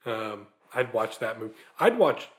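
A man's voice: medium pitch, sing-song, a little slow. A young man co-hosting a podcast, chatting casually about a movie and poking fun at himself. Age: young adult. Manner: self-mocking and easygoing. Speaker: podcast co-host. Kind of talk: casual film chat.

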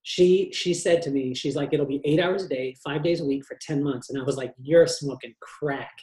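A man from California, a hairdresser, telling lively joking stories about his family as a podcast guest. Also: a little high, fairly quick, echoey room, low-quality recording. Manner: animated, joking, acts out family members' voices. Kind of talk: storytelling in a podcast interview.

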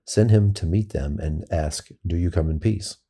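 A wary, wounded king voiced by a man issues orders. The voice is low, husky and dark. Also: normal speed. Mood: ordering.

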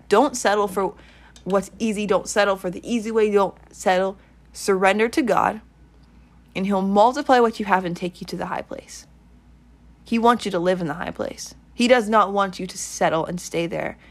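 A woman giving an earnest, rambling online sermon, repeating her points and leading a prayer. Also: mid-range voice. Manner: earnest, repetitive, rambling exhortation. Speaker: online preacher.

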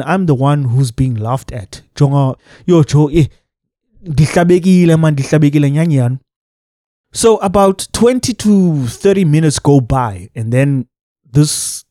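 A young man with a South African accent telling a personal story in a lively, laughing, chatty way. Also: medium pitch, dry recording, clean studio sound. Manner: animated, mixing English with local phrases, laughs through the telling. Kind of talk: casual storytime monologue.

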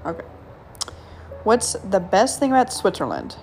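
A woman's voice: medium pitch, wildly swooping pitch, a little slow, darkish tone, soft background music. A woman hosting a casual solo podcast, reading jokes aloud with frequent giggles and stumbling over the punchlines. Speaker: podcast host.

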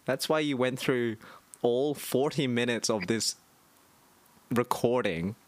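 A man co-hosting a podcast, bantering in an animated, jokey way and trailing off mid-sentence. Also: medium pitch, takes it slowly, no room sound. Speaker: podcast co-host. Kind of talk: casual banter.

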